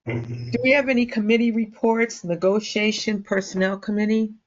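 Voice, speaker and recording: A woman chairing a public meeting, losing her voice and clearing her throat as she reads formal procedure aloud. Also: mid-range voice, steady tone, normal speed. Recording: dull lo-fi meeting audio.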